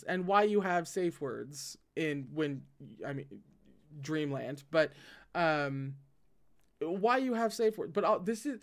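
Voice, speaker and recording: A man reading a novel aloud and breaking off into casual commentary. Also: fairly high pitch. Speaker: reader and commentator.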